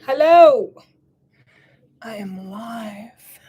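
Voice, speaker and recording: A young woman hosting a relaxed crochet livestream from home, greeting viewers by name and laughing often as she chats. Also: a little high, extremely slow, slightly rough, highs cut off. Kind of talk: casual live-stream chat reading comments.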